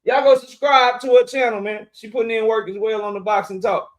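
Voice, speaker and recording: A young man hosting a casual livestream, shouting out viewers in chat and joking around with loud, profane banter. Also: high-pitched, steady tone, brisk. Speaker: livestream host.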